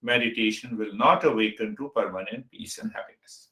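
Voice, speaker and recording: A man giving a meditation teaching talk as a spiritual teacher, speaking deliberately and listing words one at a time. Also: lowish voice, vocal fry, bright, forceful tone. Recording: roomy echo.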